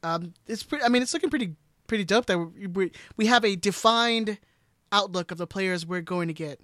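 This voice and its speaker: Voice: mid-range voice, brisk, a bit bright, dry recording, clean studio sound. A co-host on a casual soccer podcast who talks hesitantly, with lots of fillers and restarts.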